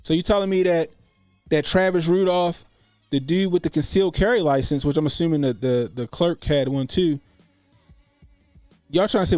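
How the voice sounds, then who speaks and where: Casual streamer, man, animated and profane, dry close mic. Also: a little high, a little fast, long pauses, no room sound, soft background music. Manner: animated, profane, acts out quotes. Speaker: host. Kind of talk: casual livestream commentary.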